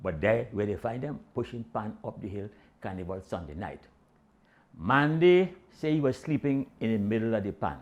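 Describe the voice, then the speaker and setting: An older Trinidadian man spins a comic yarn in rich island dialect. His pitch leaps and dips all over as he acts out each character. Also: moderate pace, lo-fi sound. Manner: animated Caribbean-dialect storytelling with voiced quotes. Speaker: storyteller. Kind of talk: comic storytelling.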